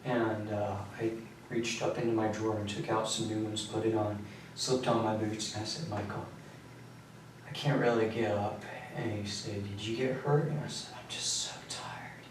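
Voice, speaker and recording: A young man giving a police confession in a recorded interview, talking in a halting, detached way with many pauses and fillers. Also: lowish voice, steady tone. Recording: echoey room recording from far off, faint hiss.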